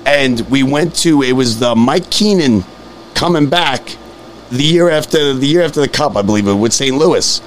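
A man's voice: medium pitch, moderate pace, slight background noise. A man, hosting a casual sports podcast and telling long stories, repeating words and acting out the people in them. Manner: animated storyteller, repeats words, acts out quoted voices. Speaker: podcast host. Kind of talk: casual storytelling chat.

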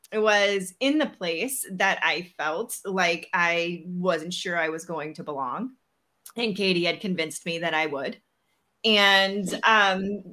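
Female podcast host, unhurried delivery, bright voice, lively storyteller who voices the people in her story. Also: on the low side. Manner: animated, acts out quoted dialogue. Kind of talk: storytelling in casual chat.

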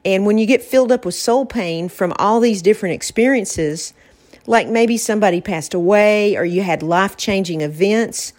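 A woman's voice: mid-range voice, moderate pace, a little mellow. A woman hosting a podcast, talking in a reflective, casual way about faith and getting through hard times. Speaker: podcast host.

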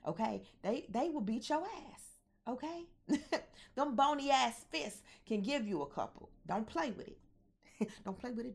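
Woman, low gravelly voice, mixed Southern-Midwestern accent, candid profane storytelling vlog. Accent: mixed Southern and Midwestern American. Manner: candid, animated, profane, addresses viewers directly. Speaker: vlogger. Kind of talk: personal storytelling.

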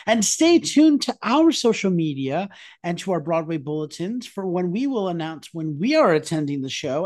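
A man's voice: high voice, a little mellow. A man hosting a theatre interview podcast, signing off in an upbeat, promotional way. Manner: upbeat, promotional sign-off delivery. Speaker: podcast host.

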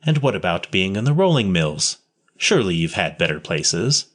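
A man's voice: sits low, big pitch swings, moderate pace, slightly rough, heavily acted. A man voicing a kindly nun who questions a street boy tenderly, reading a story aloud. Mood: gently questioning. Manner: tender, pitying, coaxing. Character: kindly gentle nun, adult woman.

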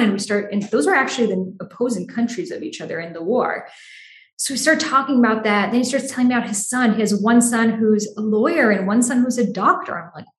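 A woman's voice: medium pitch, fast, roomy sound. A young woman telling a personal story in a chatty way, full of "like", acting out the dialogue. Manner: chatty, lots of "like", acts out dialogue.

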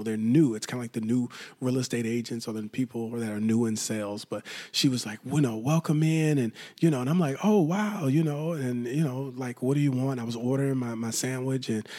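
A man's voice: mid-range voice, a little fast, few pauses, a little mellow. A man hosting a solo podcast, rambling through stories and acting out quoted lines. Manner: rambling, storytelling with acted-out quotes. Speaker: podcast host. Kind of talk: solo casual podcast talk.

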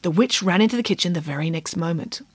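A woman reading a comic children's story aloud with playful, expressive narration. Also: on the low side, fast talker, no room sound. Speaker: audiobook narrator. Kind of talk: scripted narration.

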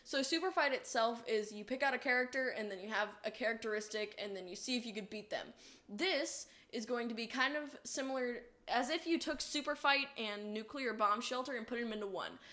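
A young adult woman co-hosting a casual podcast, swearing freely and often breaking into loud laughter. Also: a little high, fairly quick. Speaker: podcast co-host.

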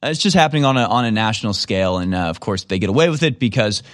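A man's voice: fairly low pitch, animated, fast talker, dry recording. Sarcastic rambling male commentator, dry sound. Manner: sarcastic, rambling, repeats himself. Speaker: political commentator. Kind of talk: casual commentary on a replayed clip.

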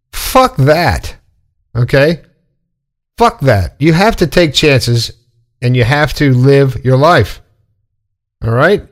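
A man's voice: on the high side, lively intonation, slow, long pauses. A middle-aged man hosting a podcast, talking casually and bluntly, with swearing, as he lectures about staying positive. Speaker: podcast host. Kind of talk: casual monologue.

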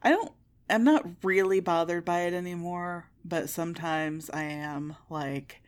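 A woman's voice: on the low side, unhurried. A woman with a Midwestern American accent co-hosting a podcast, chatting candidly, swearing freely and laughing at herself. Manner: candid, profane, self-mocking, laughs often. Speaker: podcast co-host. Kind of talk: casual chat.

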